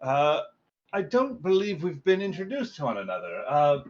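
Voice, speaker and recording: A man playing a courtly gentleman doctor. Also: a little high, huge pitch swings. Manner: flowery, formal and deliberate. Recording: slightly muffled stream audio.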